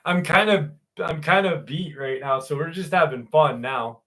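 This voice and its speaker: Bright, joking male livestream host. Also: fairly high pitch, normal speed. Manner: rambling, joking, laughs at himself. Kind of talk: casual livestream chat and reading viewer stories.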